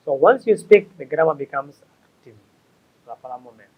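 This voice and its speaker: High-voiced man teaching English. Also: lively intonation, dull audio. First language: Somali. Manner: slow, repetitive, stops to correct himself. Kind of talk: explaining tips to learners.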